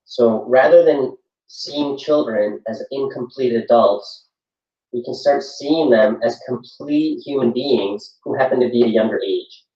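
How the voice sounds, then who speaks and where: A man's voice: mid-range voice, measured pace, warm tone. A middle-aged man giving an earnest, reflective workshop talk on parenting, often repeating himself for emphasis. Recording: echoey room from far off, dull sound.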